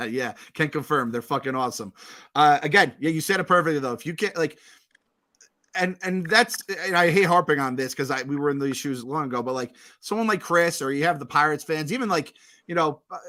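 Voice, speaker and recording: A man hosting a late-night postgame call-in podcast, excitable and profane, laughing often and running on fumes. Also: fairly high pitch, fairly quick. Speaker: podcast host. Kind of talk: casual postgame call-in chat.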